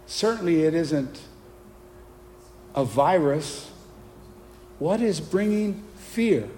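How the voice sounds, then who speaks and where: A man preaching a sermon with passion, pressing his points with forceful emphasis and asking the congregation for replies. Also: a little high, lively intonation, takes it slowly. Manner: impassioned, rising to forceful emphasis, call-and-response. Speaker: pastor. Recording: long hall reverb, faint background noise.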